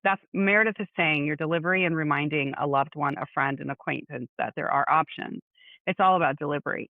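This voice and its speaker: A middle-aged woman co-hosting a podcast, chatting casually and telling stories in an animated way. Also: sits low, fast, no echo. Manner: animated storyteller, acts out quotes. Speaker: podcast co-host. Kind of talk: casual chat. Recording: dry, phone-like narrow sound.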